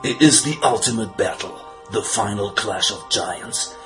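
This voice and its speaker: A man giving mock-epic trailer narration, slow and grave with a dramatic build-up. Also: on the low side. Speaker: show announcer. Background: music.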